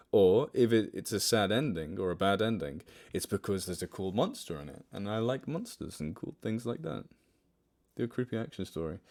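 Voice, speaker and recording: Low in pitch and darkish in tone, a young man hosts a livestream. He keeps things casual, jokes at his own expense, and takes questions from viewers in the chat.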